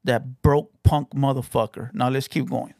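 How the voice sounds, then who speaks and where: Profane, combative podcast host. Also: male voice, mid-range voice, fairly even intonation, normal speed, vocal fry, a little mellow. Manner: profane, confrontational, taunting. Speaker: podcast host reacting to clips. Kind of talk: heated reaction commentary.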